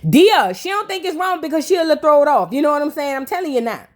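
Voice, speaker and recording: A woman's voice: high-pitched, lively intonation, quick pace, darkish tone. A woman casually recapping a reality show episode, talking bluntly with profane, gossipy, slangy asides.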